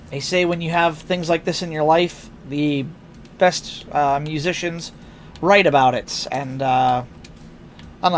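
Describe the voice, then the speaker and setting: A tired, yawning man with a higher-pitched voice chats casually on a live stream through a headset, rambling with fillers and restarts. There's slight background noise.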